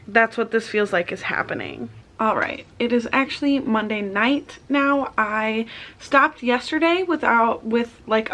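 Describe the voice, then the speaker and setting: A woman's voice: on the high side, a bit bright. A young woman vlogging casually about books, chatty and full of "like" fillers. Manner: chatty, peppered with "like". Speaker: book vlogger. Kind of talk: casual vlog chat.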